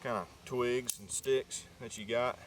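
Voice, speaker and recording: A man with a Southern US accent giving a casual, chatty outdoor gear demo in the woods, folksy and quick to laugh at himself. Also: mid-range voice, steady tone, a little hiss or hum. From North Carolina, US South. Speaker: gear reviewer.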